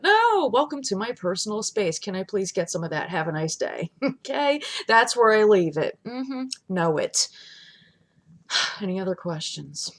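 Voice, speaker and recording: A woman talking straight to her vlog audience in a loose, unscripted rant from home. Her voice sits in an ordinary middle pitch, and she laughs often. She jumps from loud, punchy outbursts to quiet, half-whispered asides. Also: sing-song, unhurried. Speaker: vlogger. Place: home, not in her studio.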